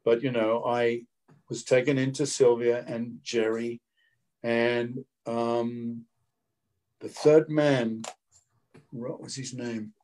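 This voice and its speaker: An older Australian man, a guest actor in an interview, tells lively anecdotes and mimics the people in them. His mid-range voice moves slowly, with frequent pauses.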